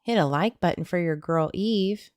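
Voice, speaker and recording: Chatty Southern woman livestream host, low voice, dry close sound. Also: normal speed, a little mellow, dry recording. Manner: chatty, greets viewers by name, jokey asides. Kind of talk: casual livestream chat.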